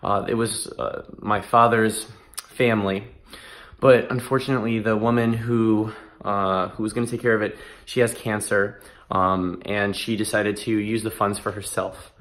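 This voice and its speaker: A man's voice: lowish voice, flat delivery, normal speed, fairly bright tone. A man in his twenties talking earnestly in a casual vlog, emphatic and given to restarts. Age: 20s. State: emotional, close to tears. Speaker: vlogger.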